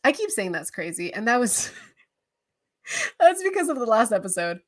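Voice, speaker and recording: A woman's voice: on the high side, very animated, normal speed. A young adult woman hosting a reaction show, chatting casually to camera in a bubbly, openly emotional way.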